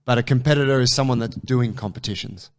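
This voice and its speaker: A dry, precise man co-hosting a podcast, questioning and pinning down definitions. He has a middle-pitched voice and drops the odd pun. He speaks in an easy conversational tone. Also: fast. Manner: dry, precise, pins down definitions and makes puns. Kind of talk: casual chat.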